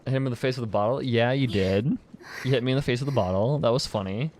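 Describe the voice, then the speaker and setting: While gaming, a young streamer reads his chat and talks in a rambling, casual way, laughing often and filling his speech with fillers and restarts. He speaks quickly in a medium-pitched, darkish voice, with slight background noise.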